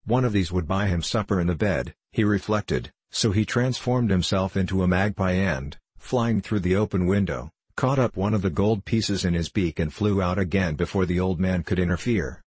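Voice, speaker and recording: Deep, husky male storybook narrator. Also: no echo. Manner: steady, measured reading.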